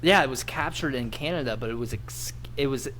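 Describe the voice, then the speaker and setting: A man's voice: mid-range voice, fairly quick, a bit bright, slight background noise. A man co-hosting a podcast, rambling and teasing his friends in casual chat. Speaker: podcast co-host.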